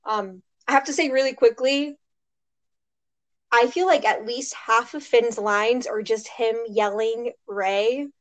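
An American woman co-hosting a podcast in casual chat, chatty with quick asides and frequent laughter. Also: fairly high pitch. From United States. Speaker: podcast co-host.

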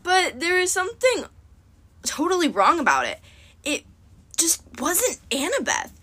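Expressive woman reading a storybook. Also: very high voice, measured pace. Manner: expressive, dramatic. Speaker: audiobook narrator. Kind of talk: first-person storybook narration.

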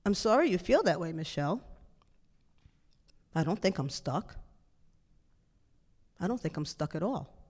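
A woman voicing her blunt, dismissive adult brother, mocking at first and then flatly calm, inside a story told in a reverberant hall. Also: lowish voice, a little slow, long pauses, pitched below the performer's own voice. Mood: cool.

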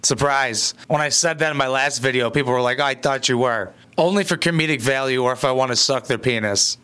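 A man's voice: medium pitch, fairly quick, pushed and bright, smooth. A man hosting a reaction video, mocking and sarcastic, with crude comedic commentary.

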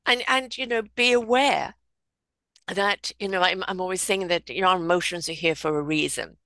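Woman with a low-ish bright voice, musing, kind of thinks out loud. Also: moderate pace, dry recording. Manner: reflective, uses pastry metaphors and acted inner voices. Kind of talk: casual conversation.

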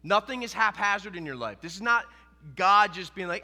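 In a sermon delivered a little fast and with plenty of expression, a middle-aged pastor hammers his points through repetition. His high, bright, forceful voice echoes with the long reverb of what sounds like a vast sanctuary.

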